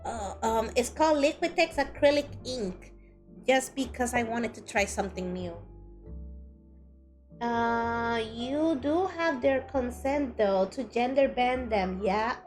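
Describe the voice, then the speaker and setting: A woman's voice: on the high side, takes it slowly, soft background music. A woman streamer chatting casually while painting, rambling and self-mocking. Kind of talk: live art stream chat.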